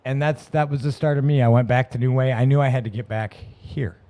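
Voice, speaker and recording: A man's voice: mid-range voice, fairly even intonation, brisk, warm tone. A man on a podcast, telling his recovery story in a rambling, profane way, with many restarts. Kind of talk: casual storytelling. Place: podcast room.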